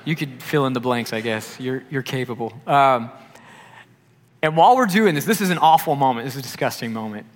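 A young adult man, a youth pastor, preaching a sermon and telling a personal story with animated delivery, acting out the voices of the people he quotes. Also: medium pitch, fairly quick. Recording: long hall reverb.

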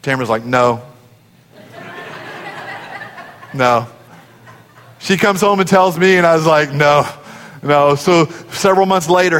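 A man's voice: fairly high pitch, slow pace, long pauses, a bit bright, in a large hall. A man preaching a sermon as pastor, telling a family story and acting out the quoted voices before building to emphatic peaks.

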